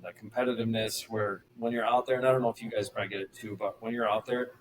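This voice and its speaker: A middle-aged man, a former pro pitcher, telling stories casually as a podcast guest and acting out the people he quotes. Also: fast, slight background noise, poor audio. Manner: animated, acts out quoted voices. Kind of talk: casual storytelling.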